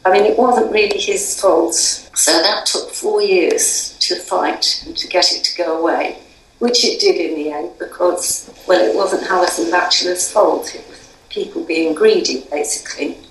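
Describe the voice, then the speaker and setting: A woman's voice: on the low side, measured pace, reverberant, far from the mic, a little hiss or hum, poor audio. An older English woman in an interview, talking in a chatty, wry way with many ums and restarts. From England. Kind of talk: conversational interview.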